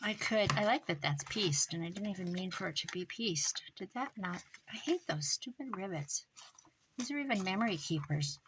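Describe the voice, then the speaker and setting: A woman making a craft journal, chatting casually as she works and muttering to herself with quick self-corrections. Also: medium pitch, lively intonation, background noise. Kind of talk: casual crafting vlog, talking while working.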